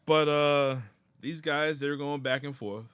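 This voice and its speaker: Bright-voiced man recapping a wrestling match. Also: a little high, fairly even intonation, slow pace, clear, resonant tone, dry recording. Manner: laid-back storytelling with loud acted quotes. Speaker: podcast host. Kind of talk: casual chat.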